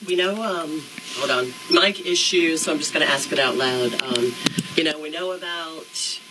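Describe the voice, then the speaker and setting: A man's voice: a little high, moderate pace, noisy background. A man hosting a local radio show who asks questions and plugs an event in an upbeat, chatty way. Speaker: radio host. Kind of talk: casual radio interview.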